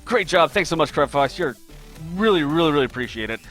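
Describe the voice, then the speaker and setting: A man's voice: fairly high pitch, lively intonation, quick pace, a bit bright, soft background music. A man hosting a casual live stream as a game artist, upbeat and chatty, greeting viewers by name while he draws.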